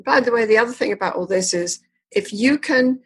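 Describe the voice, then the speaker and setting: Husky-voiced woman therapist, emphatic. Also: fairly high pitch, a little fast, rough recording. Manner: retells therapy sessions with vivid acted-out dialogue; explanatory, emphatic. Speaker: therapist guest. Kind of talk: conversational interview storytelling.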